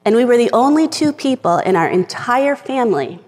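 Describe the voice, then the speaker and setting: This middle-aged woman's voice is fairly high, expressive, a touch fast, and a little mellow. She delivers a sincere scripted personal talk to a live audience, at times becoming emotional, with a large hall's long reverb around her.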